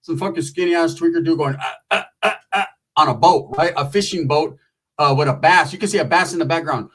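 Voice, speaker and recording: A man's voice: fairly high pitch, brisk, fairly bright tone, poor audio. A man doing stand-up comedy, telling a rambling, profane story and slipping into voices of the people in it. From Mexican-American.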